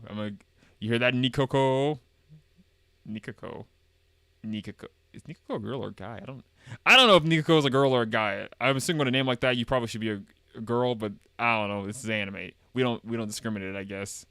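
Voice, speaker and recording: A man streams a game, talking fast in a mid-range voice with a sharp, clean tone and no echo. He chats casually, reads the game's dialogue out loud, and jokes around in a rambling way, repeating himself often.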